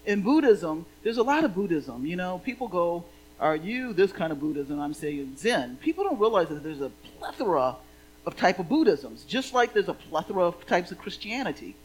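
A woman's voice: on the low side, sing-song, normal speed, darkish tone, slight background noise, low-quality recording. A woman minister giving a sermon in a playful, conversational way.

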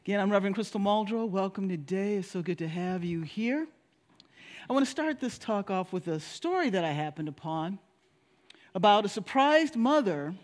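A woman pastor giving a sermon in a storytelling manner. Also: medium pitch. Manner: storytelling, with animated voices for quoted people.

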